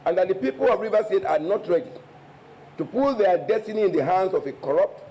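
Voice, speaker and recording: A man's voice: sits high, animated, a little fast, dark tone, poor audio. A man reading a political press statement in a declamatory, combative way. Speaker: party spokesman.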